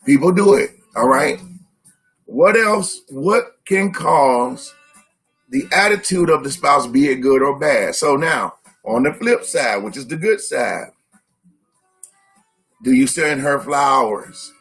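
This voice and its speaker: A man's voice: medium pitch, expressive, slow, a bit bright, slightly rough, soft background music. A man co-hosting a live-stream discussion, teaching by asking his listeners rhetorical questions.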